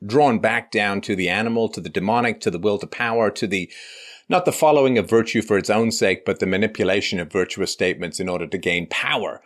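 A man with a fairly low voice argues his points with animation in a political discussion. He backs up his claims with anecdotes and talks with conviction. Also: fast talker. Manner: animated, argumentative storyteller.

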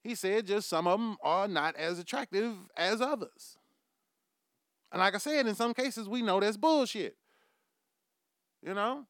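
A man's voice: high voice, measured pace, pauses often, a bit bright, clear, resonant tone, no echo, clean studio sound. A man hosting his own podcast, delivering a profane comic monologue and laughing at his own jokes. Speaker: podcast host.

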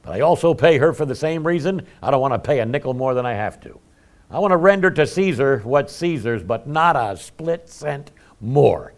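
A man's voice: mid-range voice, a little mellow. A middle-aged man preaching a conversational sermon in a folksy, self-deprecating way, chuckling often. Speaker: pastor.

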